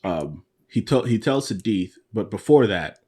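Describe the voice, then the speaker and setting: A man's voice: on the low side, expressive, unhurried, darkish tone, husky. A man co-hosting a podcast, chatting casually and laughing often as he acts out lines from a book. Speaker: podcast co-host. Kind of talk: casual chat recapping a book series.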